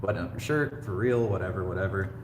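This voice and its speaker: Low-voiced man chatting in an echoey room. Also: expressive, quick pace. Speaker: co-host. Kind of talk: casual livestream chat reading comments. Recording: echoey room with faint noise.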